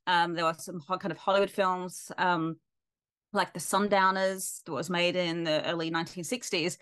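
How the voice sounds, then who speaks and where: Australian woman, lecturer type, lowish voice, casual and thoughtful, searches for words as she goes. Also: flat delivery, moderate pace, a bit bright, smooth. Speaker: film lecturer. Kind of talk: casual interview talk.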